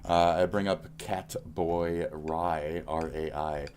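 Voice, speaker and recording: A man's voice: sits low, steady tone, slow, a little mellow, slight background noise. A man streaming live, reacting to posts with a profane, mocking rant.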